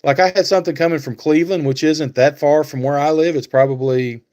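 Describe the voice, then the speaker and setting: A man's voice: a little high, steady tone, fairly quick, a little mellow. Rambling man chatting on a live stream. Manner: rambling, thinks aloud with many fillers; talks back to chat viewers by name. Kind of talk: casual live stream chat.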